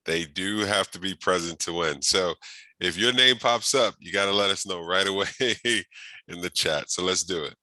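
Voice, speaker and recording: Man, event host, upbeat and chatty, bright forceful tone, dry close sound, video call. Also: low voice, moderate pace, no room sound. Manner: upbeat, chatty, many fillers and restarts. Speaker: host of a workshop speaker series. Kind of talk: casual online event hosting.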